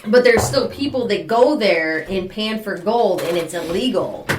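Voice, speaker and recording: A woman's voice: medium pitch, expressive, a little slow, slight background noise. A woman in her forties co-hosting a podcast, chatty and teasing in casual talk. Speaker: podcast co-host. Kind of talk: casual chat. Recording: echoey room with faint music.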